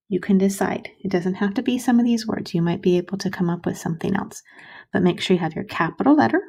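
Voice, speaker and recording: A woman teacher giving a slow, patient recorded writing lesson to young children, spelling words out letter by letter. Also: lowish voice, vocal fry, dark tone.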